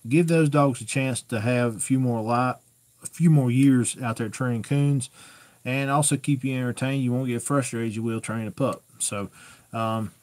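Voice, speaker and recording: A man chats through viewer questions on a live stream. His delivery is folksy and plainspoken, rambling from point to point. His voice sits at an ordinary middle pitch for a man. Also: a little mellow, no echo. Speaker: host answering viewer questions.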